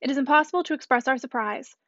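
A gentle, agitated lady from a storybook speaks in a trembling voice, read by a woman. The reading is high and quick. The recording is dull and dry. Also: no echo. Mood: nervous.

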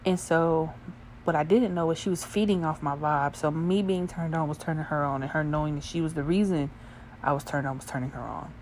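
A young woman telling a crude, profane story in a casual, animated way, often laughing. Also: low-pitched, a little fast, slight background noise. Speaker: vlogger.

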